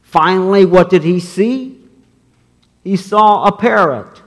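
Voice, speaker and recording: A male pastor preaching a sermon, measured as he reads scripture, with a long reverb in a sanctuary. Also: high voice, expressive.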